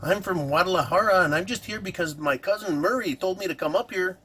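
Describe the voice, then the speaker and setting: A man's voice: high voice, a little fast, bright, forceful tone, a little hiss or hum, pitched above the performer's own voice. A man putting on an exaggerated Mexican accent to voice a mocking caricature of a broke man. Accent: put-on Mexican accent. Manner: exaggerated, mocking, sing-song.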